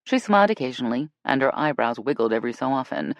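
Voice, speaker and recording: A woman narrating a romance audiobook in an expressive reading voice. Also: rumbling low, quick pace, no room sound. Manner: expressive, switches between characters. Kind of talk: scripted narration.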